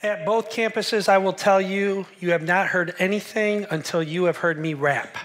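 A man's voice: high-pitched, normal speed, music in the background. A man in his forties, a pastor giving a sermon in a church hall, telling a personal story with humor and speaking to the congregation. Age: 40s.

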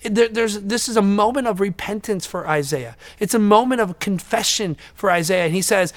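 A man preaching a sermon in a church, earnest, often repeating words and swelling loud when he quotes scripture. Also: sits high, normal speed, few pauses. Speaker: pastor.

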